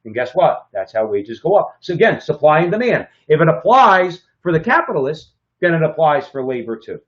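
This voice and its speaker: A man's voice: on the high side, big pitch swings, a little fast. A man co-hosting a political talk show, speaking emphatically and often adding "okay?" for stress. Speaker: co-host. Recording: slightly dull lo-fi sound.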